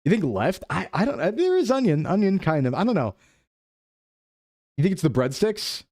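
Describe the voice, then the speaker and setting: A young adult man streaming a game live, chatting playfully with his chat and thinking his guesses out loud. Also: sits high, very animated, normal speed, dry recording, clean studio sound. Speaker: VTuber streamer. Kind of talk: live-stream gameplay commentary.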